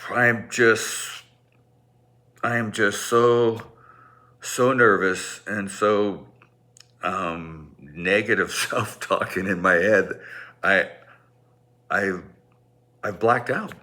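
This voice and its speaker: A man's voice: on the low side, very slow, pauses often, pushed and bright. A middle-aged man telling a personal story in a rambling, self-deprecating way, with many restarts.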